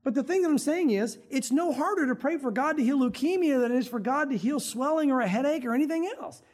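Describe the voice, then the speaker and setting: A man's voice: very high-pitched, fast, darkish tone. A male pastor preaching a conversational sermon, talking straight to the congregation and acting out prayers in dramatic voices.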